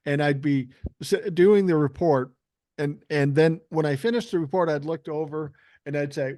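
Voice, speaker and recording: An older man casually telling profane, animated stories as a guest on a podcast. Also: on the high side, normal speed, no room sound, clean studio sound. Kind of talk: casual storytelling chat.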